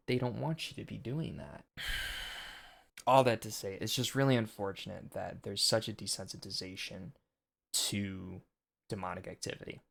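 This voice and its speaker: A man's voice: fairly low pitch, gravelly, a bit bright. A young man hosting a casual film commentary monologue, earnest and preachy with a rambling delivery.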